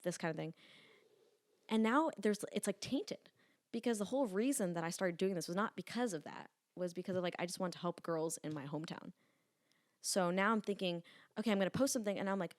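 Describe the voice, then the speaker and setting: A woman of about twenty, a podcast guest telling stories in casual chat, animated and full of "like" and the odd swear word. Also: on the low side, no echo, studio quality. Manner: chatty, animated storytelling with frequent "like" and swearing. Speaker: podcast guest, lifting influencer.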